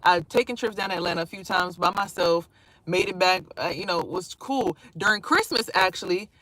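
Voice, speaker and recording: A woman vlogger telling a personal story in a casual, animated way, swearing freely and acting out what people said. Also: fairly low pitch, a little fast. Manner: animated, profane, acts out quotes.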